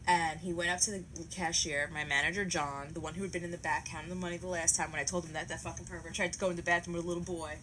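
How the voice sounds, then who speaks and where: New woman telling a wild story, swears a ton, bright voice. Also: lowish voice, racing, few pauses, a little hiss or hum, rough recording. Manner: profane, animated, dramatic acting-out. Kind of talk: comic storytelling.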